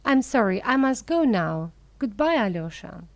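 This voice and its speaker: A woman voicing a kind, gentle magical black hen in a storybook reading, with a lively, high voice. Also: moderate pace, no room sound.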